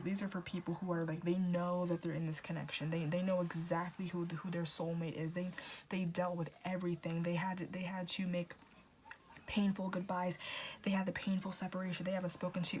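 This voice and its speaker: Woman tarot reader, lower voice, chatty and swearing, faint noise on the track. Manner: animated, repetitive, profane, often restarting words. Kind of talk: casual tarot reading.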